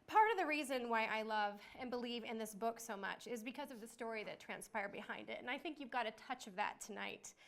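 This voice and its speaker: A woman with a fairly high voice gives a heartfelt speech at a book launch. She is an emotional, gushing teacher and founder who talks through fillers and restarts. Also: a little fast, few pauses.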